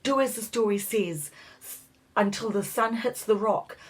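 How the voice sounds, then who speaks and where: A woman voicing a frightened young boy in a storybook, yelling and pleading in a high, breathy voice. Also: unhurried, low-quality recording.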